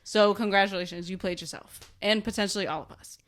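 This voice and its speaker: A young woman co-hosting a podcast who cuts in with dry, teasing remarks at a slow pace. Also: mid-range voice, fairly even intonation, a bit bright. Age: young adult. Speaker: podcast co-host. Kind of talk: casual chat.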